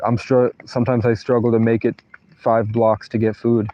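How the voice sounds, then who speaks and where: A man's voice: mid-range voice, little pitch movement, moderate pace, muffled recording. A man livestreaming from a tent in a thunderstorm, rambling through personal stories with profanity and unfinished sentences. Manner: meandering, profane, trails off mid-sentence. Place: inside a tent during a thunderstorm.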